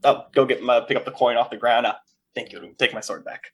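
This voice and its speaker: A player in a tabletop game, speaking quickly and jokingly in character. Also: mid-range voice, husky. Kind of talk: casual in-character play.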